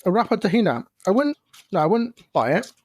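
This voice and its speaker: A man's voice: sits high, very animated, a little fast, no room sound, studio quality. A man co-hosting a podcast, chatting casually and searching for words while tasting snacks. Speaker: podcast co-host. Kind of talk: casual chat, taste-testing snacks.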